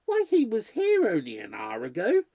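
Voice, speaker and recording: Man doing a bossy old cook lady, snappy and practical, mellow husky tone. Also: high voice, wildly swooping pitch, moderate pace, dry recording, voice pushed up, full character voice. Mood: brisk. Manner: sharp, bossy, no-nonsense. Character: brisk older woman cook, scolding and practical.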